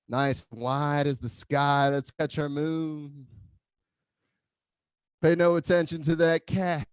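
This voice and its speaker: A man leading an online tai chi class, giving calm movement cues with playful whoops. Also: fairly high pitch, no echo, clean studio sound. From Philadelphia area.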